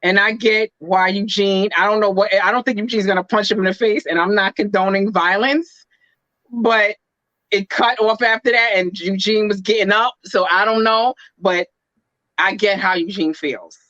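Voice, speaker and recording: A woman co-hosting a casual reality TV recap chat, talking in emphatic quick bursts. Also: mid-range voice, steady tone, a bit bright, no room sound, dull audio. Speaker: reality TV podcast co-host.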